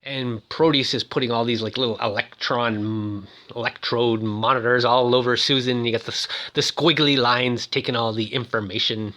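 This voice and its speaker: A man's voice: mid-range voice, fairly even intonation, moderate pace, few pauses, bright, forceful tone. A man giving a rambling, jokey, casual recap of a film as its host.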